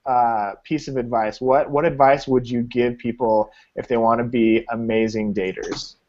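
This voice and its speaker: A man hosting a relaxed chat, joking and telling stories with lively energy. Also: medium pitch, normal speed. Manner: jokey, animated storyteller. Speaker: host. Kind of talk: casual chat. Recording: dull lo-fi sound.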